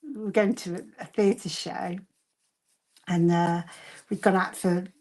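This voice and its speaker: A woman's voice: on the low side, fairly even intonation, slow pace, a little mellow. A woman with a Birmingham accent chatting casually as co-host of a craft show, rambling with fillers while she demonstrates.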